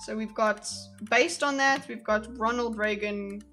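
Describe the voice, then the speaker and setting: A woman's voice: fairly high pitch, fairly even intonation, unhurried, music in the background. A woman streamer giving casual commentary on a debate clip, thinking aloud with many fillers and restarts and replying to her live chat. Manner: reads and answers live chat.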